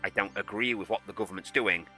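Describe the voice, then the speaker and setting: A man's voice: lowish voice, fast, bright, forceful tone, faint music behind. A young man streaming a game, chatting bluntly and swearing as he rambles. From United Kingdom. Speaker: gaming streamer and soldier. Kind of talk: casual chat while gaming and reading chat.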